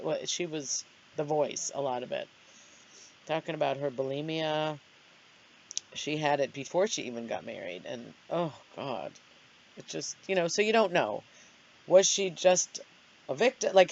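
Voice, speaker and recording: A woman's voice: low voice, creaky. A middle-aged woman hosting her own vlog, chatting casually and rambling in a self-deprecating way. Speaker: vlogger host. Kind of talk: casual chat. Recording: dull lo-fi sound.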